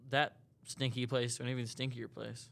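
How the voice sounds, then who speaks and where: A man's voice: medium pitch, level tone, vocal fry, fairly bright tone. A young man co-hosting a casual podcast, goofy and joking, cutting in often. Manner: goofy, joking, quick interruptions. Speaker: podcast co-host. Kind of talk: casual chat.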